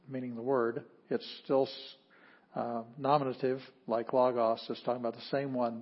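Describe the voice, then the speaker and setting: A man's voice: medium pitch, flat delivery, normal speed, husky. A man teaching an introductory Greek class, explaining grammar and sounding out words one at a time. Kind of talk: classroom lecture. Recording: dull lo-fi audio.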